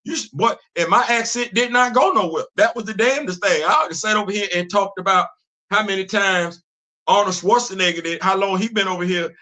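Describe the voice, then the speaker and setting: Speaking a little fast in a high, pushed, bright voice, a middle-aged show host from the Bronx, New York, gives a casual opinion monologue through a streaming mic. He's emphatic and conversational, using street slang and repeating and restarting as he goes.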